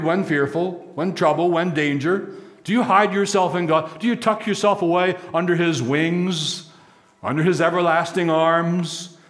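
A man preaching a sermon as pastor, emphatic, stacking repeated phrases and slowing for key lines. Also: a little high.

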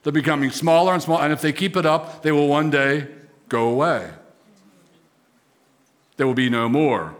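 A man's voice: on the high side, normal speed, pauses often. A man preaching a sermon as pastor, emphatic, with rising, swelling repetition.

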